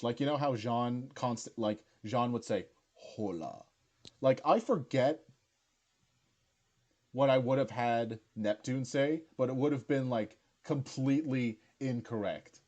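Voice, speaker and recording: A man's voice: mid-range voice, a little slow, darkish tone, lo-fi sound. A young man chatting casually as he rewatches his own series, stammering, restarting and laughing easily.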